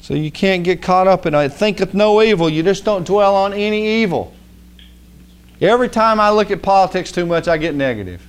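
A man's voice: high voice, animated, fairly quick, clear, resonant tone. A man preaching in a folksy, conversational way, rising to emphatic outbursts. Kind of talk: sermon.

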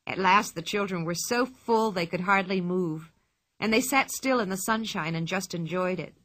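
A woman narrating a children's storybook with expressive telling. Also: on the low side, normal speed. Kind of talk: storybook reading.

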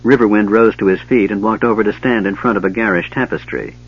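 A man reading a fantasy novel aloud as narrator, with steady storytelling, in a dull lo-fi recording. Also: lowish voice, quick pace, husky. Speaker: audiobook narrator.

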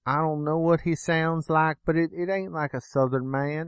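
A man's voice: on the high side, fairly even intonation, normal speed, clear, resonant tone, no room sound. Dry-sounding man in casual film chat. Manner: jokey, rambling, self-deprecating. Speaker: podcast co-host reviewing films.

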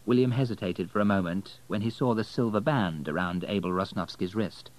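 A man narrating an audiobook in a calm, low storytelling manner. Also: normal speed, hardly any pauses, low-quality recording.

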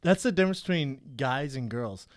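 A man's voice: medium pitch, animated, moderate pace. A man chatting casually, giggling his way through funny stories. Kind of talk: casual chat.

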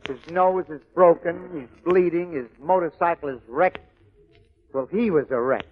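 A comedian telling jokes in punchy, clipped beats, on a lo-fi old radio recording. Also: male voice, a little high, unhurried. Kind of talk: joke-telling comedy monologue.

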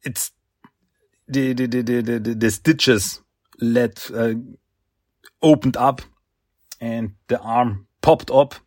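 A man casually retelling a comic issue, halting with fillers and restarts and chuckling often. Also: mid-range voice, steady tone, darkish tone, no room sound, clean studio sound. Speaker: comic recap reviewer.

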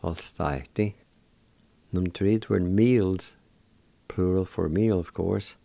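Low slow man spelling out words. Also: gravelly, dark tone, no room sound. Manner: spells out and repeats words syllable by syllable. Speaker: radio host teaching words. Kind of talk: radio language lesson.

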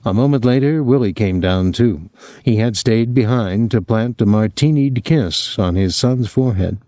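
A man narrating a novel as an audiobook in a measured, expressive storytelling voice, on a close microphone. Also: fairly low pitch, dry recording. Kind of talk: scripted narration.

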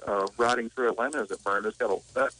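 A man's voice: medium pitch, a crowd in the background, low-quality recording. A man, calling in to a radio show and telling stories fluently. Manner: storytelling, quick, fluent. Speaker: caller. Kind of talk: phone-in call.

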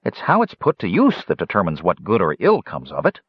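A man reading as a grand-minded gnome man, declaring ideals with lively swings of pitch. His voice is husky, and the recording is dull and lo-fi. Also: a little fast, dry recording, heavily acted. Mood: earnest. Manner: declaring, lofty. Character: earnest, grand-minded male gnome leader.

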